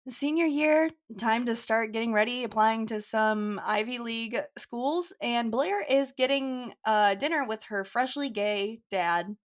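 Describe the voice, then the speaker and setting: A young woman talks in casual podcast chat, rambling through jokes at her own expense. Her voice is a little higher than average and stays relaxed and conversational. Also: unhurried, hardly any pauses. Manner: joking, rambling, self-deprecating. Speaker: podcast co-host.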